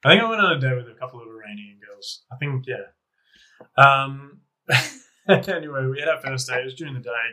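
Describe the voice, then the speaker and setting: Bright-voiced young man. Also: medium pitch, animated, a little fast, poor audio. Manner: rambling, self-correcting anecdote with laughs. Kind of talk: casual storytelling.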